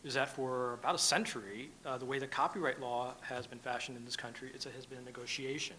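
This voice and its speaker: A man speaks on a conference panel, his voice bright and forward. He talks in halting runs, full of fillers and restarts. Faint room noise sits behind him. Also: mid-range voice, steady tone, low-quality recording. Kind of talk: panel discussion.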